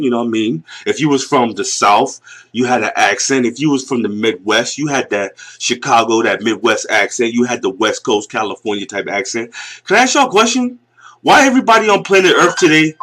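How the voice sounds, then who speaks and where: In a mid-range, slightly bright voice, a man in his forties from the Northeastern US mocks a clip in a blunt YouTube reaction rant.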